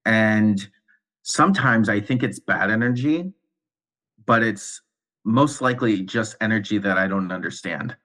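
A man's voice: fairly low pitch, a little slow, fairly bright tone. A man co-hosting a podcast, responding in a sincere, appreciative way. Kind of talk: casual conversation.

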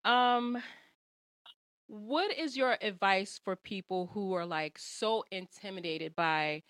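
A woman's voice: mid-range voice, slow, a bit bright, clean tone, no room sound. A woman hosts a casual interview with an easy, teasing way of asking questions. Her voice sits in a middle range, and the recording is dry with little room sound. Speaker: podcast host.

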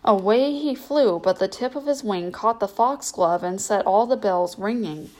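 Storyteller: a woman with a gentle, even bedtime reading voice. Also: medium pitch, moderate pace, low-quality recording.

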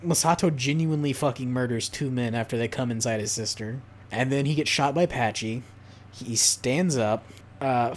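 Guy cohosting a podcast, middle-pitched voice, rambly and sweary, super casual. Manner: rambling, profane plot recap. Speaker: podcast co-host. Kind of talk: casual chat.

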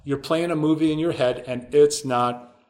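A man's voice: fairly high pitch, steady tone, moderate pace, darkish tone. A man telling a story as a guest in a conversation, acting out the voices of the people in it. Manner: acts out quoted voices in his stories. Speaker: podcast guest.

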